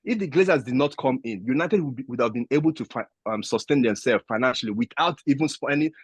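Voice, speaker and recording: A man's voice: medium pitch, lively intonation, fast talker, breathy edge, no echo. A man defending his club in a football debate, hesitant with many fillers. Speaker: guest pundit.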